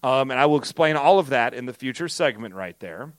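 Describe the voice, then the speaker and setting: A man's voice: medium pitch, fairly quick, dry recording. An American man co-hosting a casual chat show, ranting animatedly about commercials. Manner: animated, ranting, does silly voices. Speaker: podcast co-host.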